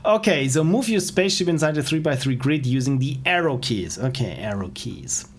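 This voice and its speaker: A man's voice: mid-range voice, lively intonation, normal speed, husky. A man casually commenting while playing indie games on a stream, enthusiastic and self-deprecating. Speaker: game streamer.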